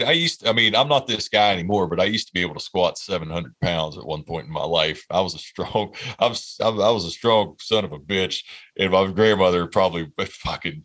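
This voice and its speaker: Podcast co-host, male, 30s: low and forceful voice, rambling profane storytelling. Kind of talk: casual storytelling chat.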